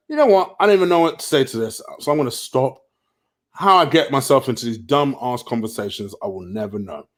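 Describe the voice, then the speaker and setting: A man ranting in a late-night football vlog, heated, profane and sarcastic. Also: on the high side. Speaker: football vlogger.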